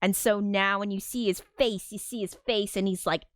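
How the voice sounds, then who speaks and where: Woman streamer, mid-pitched, rambling casual chat with frequent fillers and swearing. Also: fairly even intonation, moderate pace, no echo, clean studio sound. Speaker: streamer hosting film commentary.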